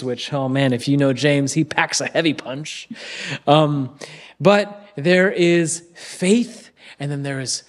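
Young male preacher, slightly high voice, casual and earnest, sermon delivery that sinks into soft hushed stretches. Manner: earnest, conversational preaching that drops to near-whispers.

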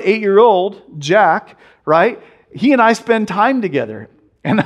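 A man in his thirties preaching a conversational sermon, reading scripture aloud and telling stories about his young son. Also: high-pitched. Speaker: pastor.

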